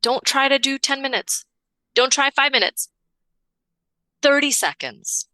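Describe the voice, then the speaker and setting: Bright-voiced, profane, expressive woman coach. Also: unhurried, no room sound. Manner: expressive, swears freely, big pitch swings when acting out stories. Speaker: podcast guest, relationship coach. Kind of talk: casual conversational interview.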